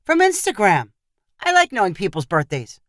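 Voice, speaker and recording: A woman voicing an overeager, oblivious young man who talks in a brash, upbeat way, raised higher and louder than her narration. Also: huge pitch swings, moderate pace, no echo, studio quality. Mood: nonchalant.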